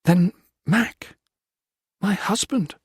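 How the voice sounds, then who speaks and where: Brief: male narrator doing a distraught wife, pleading and desperate, raised high and husky, audiobook. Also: drawn-out words, no echo, studio quality, heavily acted. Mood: bewildered, pleading. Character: distraught British woman, wife of a Japanese colonel. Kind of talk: audiobook character voice.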